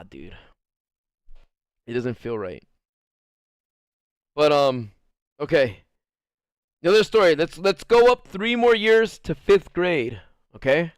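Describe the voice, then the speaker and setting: Man, streamer, casual rambling stories, profane, fairly high voice, dry close sound. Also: a bit bright, smooth, dry recording. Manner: rambling, profane, acts out quotes in jumping voices. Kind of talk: casual storytelling to live chat.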